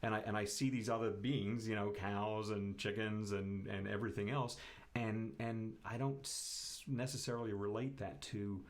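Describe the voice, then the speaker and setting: A man telling a personal story in casual chat, animated and jokey. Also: on the low side, normal speed. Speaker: guest.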